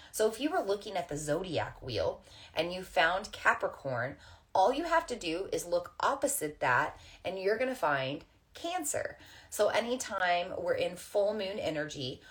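A woman teaching astrology and crystals to camera in a gentle, meandering way with many fillers, recorded indoors at home. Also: sits low. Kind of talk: casual spiritual teaching to camera. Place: indoors at home under overhead lights. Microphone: camera facing her.

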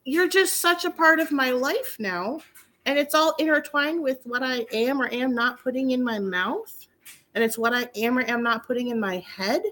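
A woman's voice: high-pitched, normal speed. A middle-aged woman, telling stories in casual chat, acting out her own quotes. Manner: animated storyteller, acts out quotes, laughs often.

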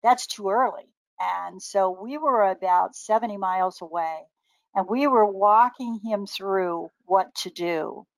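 An older woman, a great-grandmother and naturopathic doctor, casually telling lively anecdotes, laughing often and acting out the voices of people she quotes. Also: mid-range voice, measured pace, gravelly, dry recording, poor audio. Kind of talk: casual storytelling.

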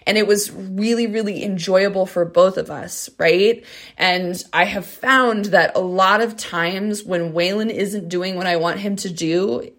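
Earnest conversational woman podcaster. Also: fairly low pitch. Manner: earnest, conversational, asks listeners "right?" and "okay?". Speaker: podcast host and dog trainer. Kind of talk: solo podcast monologue.

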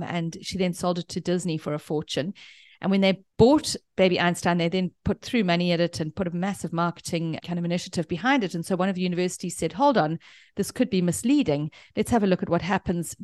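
A woman's voice: fairly low pitch, no room sound, studio quality. A woman speaking as a parenting expert guest who explains at length, using examples and analogies. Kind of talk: explanatory interview answers.

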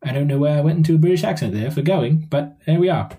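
Mellow-voiced man hosting a podcast. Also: fairly high pitch, fast. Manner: conversational, explains step by step. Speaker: dog trainer and podcast host. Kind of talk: solo podcast explainer.

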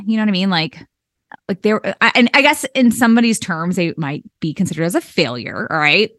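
A woman's voice: medium pitch, dry recording, clean studio sound. A woman in her thirties hosting a solo business-coaching podcast, chatty and encouraging, with frequent laughs and fillers like "okay". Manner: chatty and animated, laughs often, fillers like okay and all right. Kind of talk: solo podcast pep talk.

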